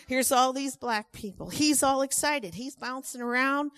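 A woman with a fairly high voice tells a personal testimony story, chatty and animated. She slips into the voices of the people she quotes. The sound is close and dry. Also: measured pace, few pauses, dry recording.

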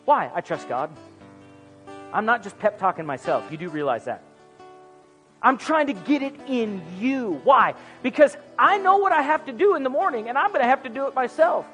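A man preaching a sermon in a church, animated and acting out little comic dialogues. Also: extremely high pitch, moderate pace. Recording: music under voice, long hall reverb.

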